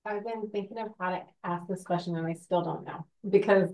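A woman from the audience slowly working out a hesitant question, searching for her words as she goes. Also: fairly low pitch, fairly even intonation, darkish tone, low-quality recording. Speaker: audience member asking a question.

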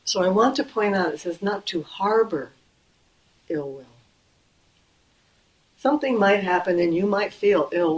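A middle-aged woman giving a Buddhist dharma talk in a gentle, conversational way, slowing and softening on key phrases. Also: lowish voice, rough recording. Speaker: Buddhist teacher.

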